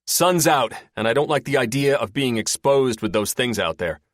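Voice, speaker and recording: A man doing Taylor, a loud brisk team leader. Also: medium pitch, animated, no room sound, clean studio sound, voice pushed up, natural voice. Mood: commanding. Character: commanding male team leader.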